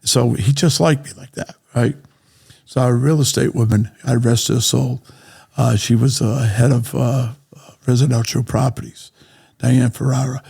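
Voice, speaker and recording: A man with a New England accent, telling a long business story on a podcast and acting out everyone's lines as he goes. His voice is gravelly, with a husky edge. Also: medium pitch, a little slow. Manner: animated anecdotes, acting out other people's lines. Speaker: real estate developer.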